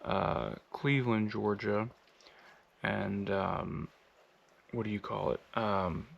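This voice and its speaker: Man, American, low-pitched, casual vlog storytelling, rambling with fillers. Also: steady tone, slow, vocal fry, muffled recording. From United States. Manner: rambling, many fillers, laughs while telling. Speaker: long-distance walker vlogging.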